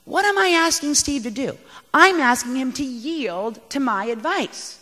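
A woman giving a talk on parenting to an audience, animated, emphatic and poking fun at herself. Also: high voice, a little slow. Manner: animated and emphatic, self-mocking. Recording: echoey hall.

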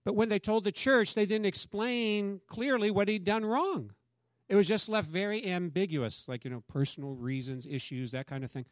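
Male pastor, higher register, conversational preaching style, dry sound. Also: moderate pace, no echo. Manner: conversational preaching, acts out quoted dialogue. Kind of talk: sermon.

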